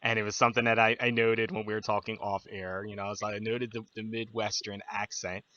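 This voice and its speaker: A man with a Philadelphia-New Jersey accent, hosting a podcast and chatting relaxed with his guest. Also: lowish voice, quick pace, a crowd in the background. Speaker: podcast host. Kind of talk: casual interview. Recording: dull, dry, lo-fi sound.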